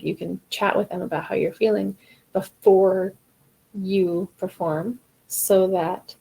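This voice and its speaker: Husky gravelly woman chatting thru a live singing coaching session, mellow tone. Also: medium pitch, poor audio. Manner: conversational, encouraging, acts out inner voices. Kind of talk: live-streamed coaching talk.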